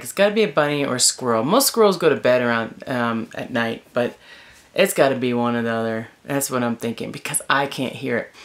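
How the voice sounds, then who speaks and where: Inside her tent in the woods, a wilderness vlogger with a rumbling low voice tells a story. She's casual and animated, sprinkling "like" and "you know" throughout.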